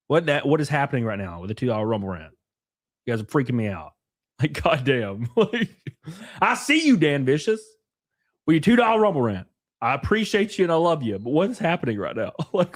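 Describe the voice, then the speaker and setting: Profane animated man streamer. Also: mid-range voice. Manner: profane, loud, animated rants at chat. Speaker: streamer host. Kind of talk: casual drinking stream chat.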